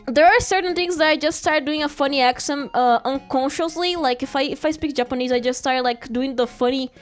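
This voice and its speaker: High-pitched giggly woman streamer. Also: fairly quick, few pauses, faint music behind. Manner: giggly, playful, talks to herself and repeats phrases. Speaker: live streamer. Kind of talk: casual live-stream chat while drawing.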